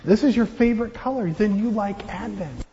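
A man's voice: high voice, normal speed, big-room sound, muffled recording. A man giving a children's sermon as pastor, playful and joking with the kids. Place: church.

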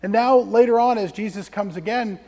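Male pastor, high voice, conversational sermon with hushed asides, echoing sanctuary. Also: normal speed. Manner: conversational storytelling, dropping to hushed tones for emphasis. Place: church sanctuary. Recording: long church reverb.

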